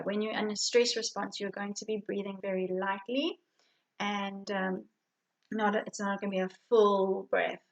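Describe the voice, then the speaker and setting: A woman from South Africa, a middle-aged vitality coach, calmly explaining breathing and relaxation techniques with frequent fillers and restarts. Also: medium pitch, poor audio. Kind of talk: guided wellness instruction.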